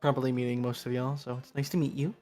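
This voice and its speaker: A man's voice: mid-range voice, quick pace, soft background music. A young man from New Jersey with a New York accent, chatting casually and rambling as a guest, tired from little sleep. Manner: rambling, animated when telling stories. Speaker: guest player. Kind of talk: casual chat.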